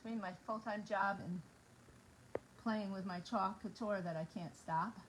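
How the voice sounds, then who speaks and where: A woman's voice: medium pitch, unhurried, slight background noise, low-quality recording. A middle-aged woman chatting casually as she demonstrates a craft project in her home kitchen, bubbly and talking while she works. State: out of breath. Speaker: craft vlogger. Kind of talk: casual demo chat.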